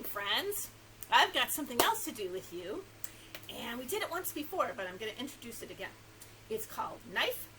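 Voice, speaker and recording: A woman's voice: sits high, slight background noise, poor audio. A woman librarian reading a picture book aloud to young children, asking them questions and laughing often. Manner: animated, coaxing questions to young listeners.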